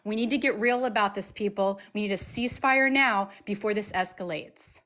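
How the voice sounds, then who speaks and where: An American woman vents her anger as a caller on a live stream. She speaks emphatically and keeps circling back to the same phrases for force. Her pitch sits in the middle of the range. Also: moderate pace, a bit bright. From United States. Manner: angry, emphatic, repeats phrases. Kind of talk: impassioned call-in speech.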